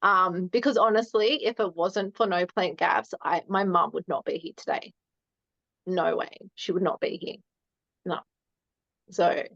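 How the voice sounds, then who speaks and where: A woman tells her story casually, with plenty of fillers and easy laughs. Her voice sits a little low. It comes through a dull, dry lo-fi recording. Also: steady tone, unhurried, a bit bright, no echo. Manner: chatty, lots of "um" and "like", laughs often. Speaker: guest. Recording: dry, dull lo-fi mic sound.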